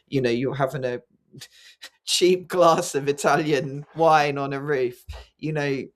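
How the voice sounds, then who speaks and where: A male podcast host who muses aloud in long, winding thoughts, peppered with "you know" and "like." His voice sits at an ordinary middle pitch, and the delivery stays relaxed and conversational. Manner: reflective, rambling with many fillers. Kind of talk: casual conversation.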